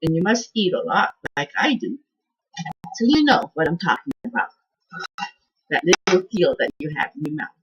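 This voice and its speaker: A woman hosting a casual cooking vlog from her home kitchen, quiet and soft-spoken, chatting in a rambling way and trailing off as she cooks. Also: fairly low pitch, very animated, moderate pace, long pauses, muffled recording, background noise. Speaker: cooking channel host.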